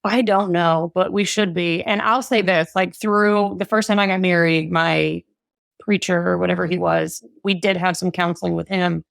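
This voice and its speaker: A woman in her thirties, a relationship coach guest on a podcast, talking in an animated, self-mocking way. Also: lowish voice, normal speed, creaky, no echo, studio quality. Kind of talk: casual podcast interview.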